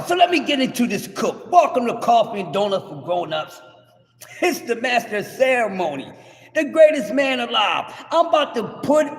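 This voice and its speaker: Brash male streamer, very high voice, shouty trash talk, echoey room. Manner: brash, cursing, trash-talking; loud, rising to shouts. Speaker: livestream host. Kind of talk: heated livestream rant. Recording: echoey room with long reverb.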